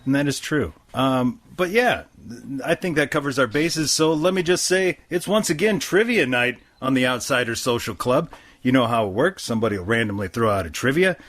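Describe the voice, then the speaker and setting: A man's voice: medium pitch, animated, fairly quick, few pauses, fairly bright tone. A man hosting a podcast in casual chat, laid-back and rambling with plenty of fillers. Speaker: podcast host.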